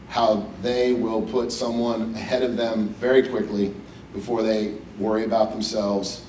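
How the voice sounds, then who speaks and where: This middle-aged man from West Virginia, USA, accepts a hall of fame honor with a personal speech full of jokes, speaking at a podium to an audience in a banquet hall. His lowish voice is a little mellow. He's far from the mic and a bit off it, in an echoey hall with slight background noise.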